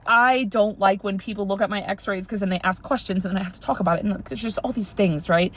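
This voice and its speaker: A woman's voice: medium pitch, fast, few pauses, noisy background. Overwhelmed woman near tears. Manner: earnest and overwhelmed, rambling, curses for emphasis. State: on the verge of tears. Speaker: storyteller. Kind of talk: emotional personal storytime.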